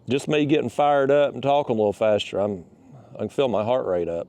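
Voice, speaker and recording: Here the fishing vlogger's voice is medium-pitched and dark, with lively intonation and a slightly fast pace. Chatting casually from his kayak outdoors, he rambles, starts over, and talks in a folksy way, a little out of breath.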